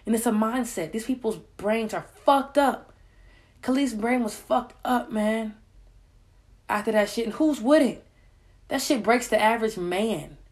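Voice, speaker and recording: A woman's voice: a little high, a little slow, darkish tone. A woman giving a casual, heated rant about a documentary she watched, swearing often and repeating herself for emphasis. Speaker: commentator reacting to a documentary.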